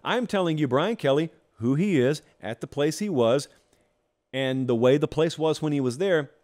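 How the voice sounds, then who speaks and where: A man's voice: a little high, normal speed, darkish tone. A man hosting a college football talk show, delivering an emphatic, opinionated monologue with sarcastic asides.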